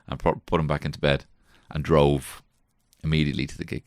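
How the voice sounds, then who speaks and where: A man with a very deep, gravelly voice, recorded close and dry. He rambles through a comic story, swearing freely and laughing at himself. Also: little pitch movement, a little fast, darkish tone, dry recording. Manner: swearing, self-mocking, jumps between put-on voices. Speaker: comedian podcast host. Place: small garden shed.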